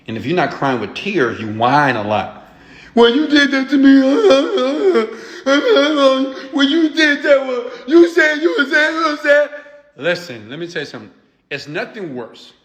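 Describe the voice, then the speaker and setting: A man's voice: mid-range voice, a bit bright. Blunt, profane man lecturing viewers. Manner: blunt, profane, emphatic, repeats "okay?". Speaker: entrepreneur and mentor. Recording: echoey room.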